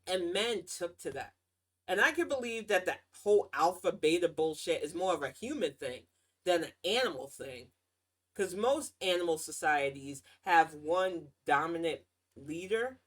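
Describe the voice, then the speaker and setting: A woman hosting her own show, ranting in casual political commentary with a sarcastic, mocking tone and lively swings in pitch and loudness. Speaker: podcast host.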